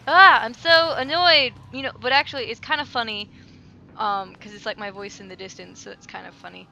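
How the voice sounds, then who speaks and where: A woman's voice: on the high side, a little fast, vocal fry, bright, forceful tone, a little hiss or hum. A woman commentating a game, jittery and swearing, muttering to herself, her microphone flipped up above her head. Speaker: let's play host. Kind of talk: gameplay commentary. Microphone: headset mic flipped up above head.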